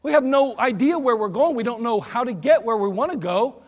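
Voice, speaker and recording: Animated preacher in an echoing hall. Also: male voice, very high voice, brisk. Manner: animated storyteller, acts out voices. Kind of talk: sermon with storytelling. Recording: long hall reverb.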